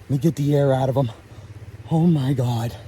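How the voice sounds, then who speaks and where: A breathless, emotional man records himself on his phone while standing in a stream. His voice is pitched in a middling range and keeps tumbling over itself. Faint water noise runs quietly behind him. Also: normal speed. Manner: excitable, breathless and overwhelmed. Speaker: fly fishing vlogger. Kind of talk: emotional outdoor vlog. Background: flowing stream.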